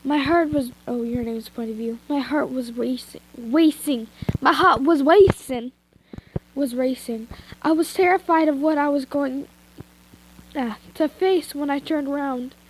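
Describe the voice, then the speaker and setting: High-voiced young woman reading, stuffy nose. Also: measured pace, rough recording. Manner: giggly, self-interrupting, chatty asides. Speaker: fan fiction reader. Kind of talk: casual story reading. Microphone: headphones with mic.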